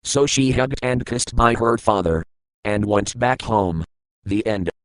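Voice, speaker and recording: A man in a hotel room reading a children's picture book aloud, plain and halting, with small grammar slips. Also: lowish voice, no echo, poor audio.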